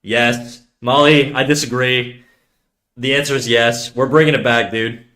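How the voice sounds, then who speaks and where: A young man live streaming, chatting casually with viewers in a deep, bassy, nasal voice, talking fast with frequent stutters and restarts, swearing and calling everyone dude. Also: fairly even intonation, bright, forceful tone. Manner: swearing, slangy, calls listeners dude. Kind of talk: casual chat reading viewer comments.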